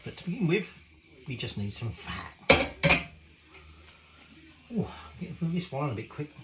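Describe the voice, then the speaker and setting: The recording is very noisy and roomy, carrying a slightly high, very animated male voice at a measured pace. A middle-aged cooking show host, he rambles and swears mildly while cooking in his home kitchen in a casual vlog.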